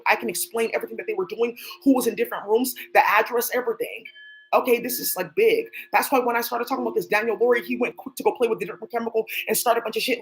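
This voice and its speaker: A woman's voice: a little high, poor audio. A woman hosting her own channel, speaking in a rambling, profane, off-the-cuff monologue and addressing people who are not there. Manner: rapid, profane, talks to unseen people. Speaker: channel host.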